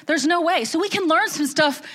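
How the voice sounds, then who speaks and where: A woman's voice: extremely high pitch, a little fast, fairly bright tone. A middle-aged woman giving a candid, emotional church testimony, rambling with restarts. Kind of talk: testimony sermon.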